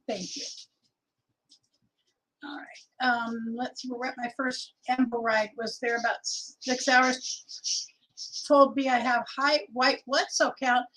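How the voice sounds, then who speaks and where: A woman's voice: sits high, fairly bright tone, rough recording. A middle-aged woman from Oregon hosting a casual livestream, chatting and reading viewer comments aloud. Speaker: livestream host.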